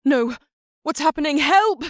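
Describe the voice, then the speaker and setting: A woman's voice: lowish voice, expressive, normal speed, gravelly, husky, dry recording, clean studio sound, exaggerated voice. A woman voicing a desperate, anxious young man with strained, frantic cries in an audiobook. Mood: terrified.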